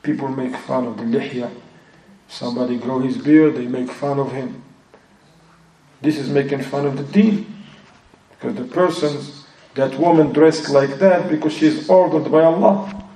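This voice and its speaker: Here a man with a non-native accent teaches a religious lesson in English, explaining a text and repeatedly switching to Arabic phrases and recitation. His mellow, medium-pitched voice moves at normal speed with frequent pauses. He's heard from a distance in an echoey room, with a little hiss or hum.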